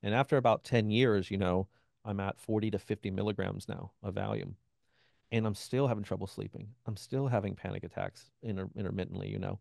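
A man's voice: on the low side, steady tone, fairly quick, creaky, darkish tone, no echo, clean studio sound. A man being interviewed as a guest, telling a personal story in a loose conversational way, often acting out what other people said and peppering his speech with "you know.". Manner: acts out quoted voices of others; frequent "you know" and restarts. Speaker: interview guest, benzodiazepine withdrawal expert.

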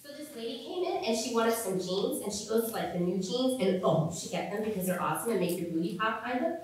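A chatty teenage girl rambles on, peppering her talk with "like" and acting out what others said, as an actress plays her on stage. Her voice sits fairly high. It rings through an echoey hall, picked up from a distance. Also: lively intonation, fast, darkish tone, slight background noise, close to an everyday voice. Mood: gossipy. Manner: rambling with constant "like", quoting others. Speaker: actor in a staged reading. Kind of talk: stage monologue, teen girl gossip. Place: theatre stage.

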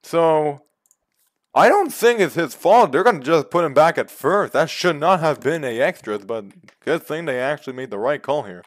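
A man giving play-by-play commentary on a video game baseball league, calm between pitches and yelling on big hits. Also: normal speed, dry recording, studio quality. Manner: jumps from calm calls to loud excited yells.

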